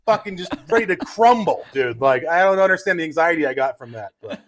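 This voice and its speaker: A man co-hosting a casual comedy podcast, telling a sweary, animated story. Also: a little high, fairly quick. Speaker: co-host.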